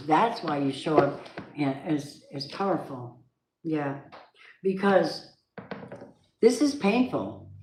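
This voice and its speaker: A woman's voice: low voice, darkish tone. A woman giving a casual tarot reading, chatty and emphatic, with spiritual asides. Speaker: tarot reader. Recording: echoey room, faint background noise.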